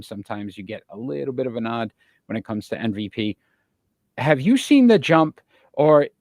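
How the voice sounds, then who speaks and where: A man's voice: medium pitch, darkish tone, dry recording. A man hosting a sports talk show, asking long winding questions full of statistics. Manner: asks long, winding questions packed with stats.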